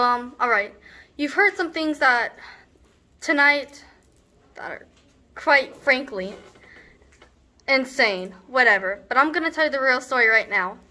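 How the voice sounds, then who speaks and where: A woman's voice: on the high side, unhurried, long pauses, bright, forceful tone. Young woman playing a scornful rambling teen girl. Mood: exasperated. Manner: sarcastic, rambling, full of "like". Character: brash teenage girl, scornful, rambling storyteller. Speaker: student actor. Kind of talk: comedic stage monologue.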